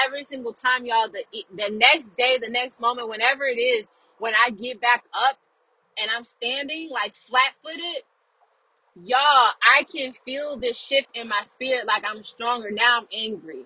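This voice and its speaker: A woman's voice: on the high side, normal speed, bright, forceful tone, husky, no room sound, rough recording. A young woman talking casually to her viewers about faith, earnest and encouraging, repeating phrases and checking in with "right?" and "okay?". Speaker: Christian video creator.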